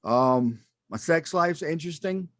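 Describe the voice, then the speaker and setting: A man performing stand-up into a stage mic, self-deprecating and halting, with plenty of ums between his jokes. His voice sits a touch high for a man, and the sound is close and dry. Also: expressive, no room sound. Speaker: stand-up comedian. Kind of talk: stand-up comedy set.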